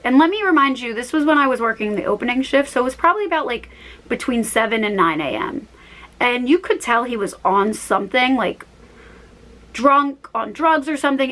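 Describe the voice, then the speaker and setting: A woman's voice: on the high side, fairly bright tone, low-quality recording. A woman in her early twenties telling casual stories in a rambling, chatty way, acting out her own quoted lines. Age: young adult, about 21. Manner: chatty, rambling, tangents and self-corrections. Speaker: vlogger. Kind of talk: casual storytime chat.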